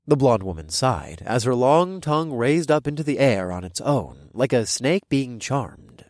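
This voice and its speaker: A man narrating a first-person story as an audiobook, reading in an expressive, animated way. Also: medium pitch, unhurried, dry recording, clean studio sound.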